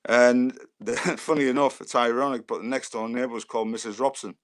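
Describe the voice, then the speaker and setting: A man in his fifties with a Geordie accent, a former footballer telling lively anecdotes as a guest. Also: mid-range voice, brisk. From Newcastle, England. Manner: lively storyteller who acts out the voices of others.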